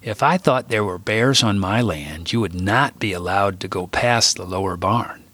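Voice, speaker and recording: A man voicing a stern old grandfather who lectures slowly and gravely in a storybook reading. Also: on the low side, expressive, a bit bright, dry recording. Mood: calm. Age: older. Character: stern old grandfather warning about bears.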